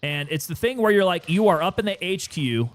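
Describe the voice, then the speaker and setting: A man with a slightly higher-than-usual voice gives loose, chatty commentary as he plays. He talks easily to his viewers, now and then short of breath. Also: fairly quick. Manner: relaxed, chatty, sometimes winded. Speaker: gaming streamer. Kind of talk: casual gameplay commentary.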